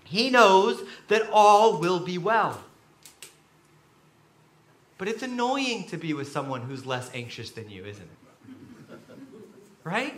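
A man preaching a sermon to a room full of listeners, swinging between quiet reflection and loud emphasis as he acts out quoted voices. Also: high voice, very animated, slow pace, long pauses, reverberant. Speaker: pastor. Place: large room with an audience.

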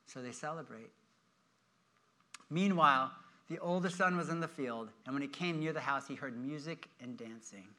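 A man preaching a sermon, telling a story with animated delivery and acting out the characters' lines. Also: medium pitch, moderate pace. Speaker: pastor.

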